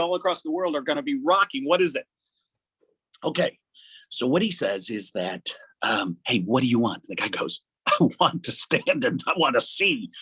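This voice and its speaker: An older man delivers a sermon in a husky, slightly high voice. He rambles with passion, breaking into frequent laughs as he speaks to his listeners. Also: fairly bright tone. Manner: rambling, impassioned, laughs often. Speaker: preacher.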